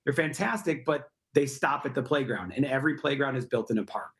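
Interviewed as a guest, the middle-aged founder of a park project earnestly explains his work, posing rhetorical questions. He speaks at medium pitch and a little fast.

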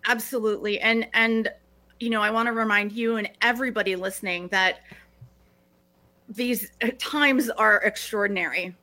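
Guest, female, middle-aged, bright forceful voice, earnest, many restarts. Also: fairly high pitch, steady tone, normal speed. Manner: earnest, restarting phrases often. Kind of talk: reflective podcast conversation.

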